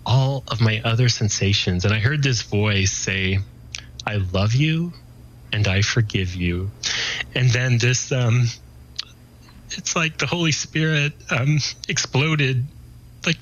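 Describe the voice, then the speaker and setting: A man in his forties speaks as a guest, sharing his life story in an earnest, rambling way. He restarts his sentences often and keeps leaning on "you know." His voice sits at a middling pitch, and the recording sounds slightly dull and muffled. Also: fairly bright tone. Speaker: guest giving his testimony. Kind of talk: casual personal testimony.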